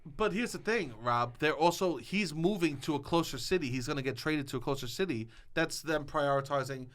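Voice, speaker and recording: A man co-hosting a podcast, chatting excitedly and laughing a lot, sometimes acting out bits for a joke. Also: fairly high pitch, brisk. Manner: animated, laughs a lot, jokingly acts out a character. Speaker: podcast co-host. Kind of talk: excited casual chat.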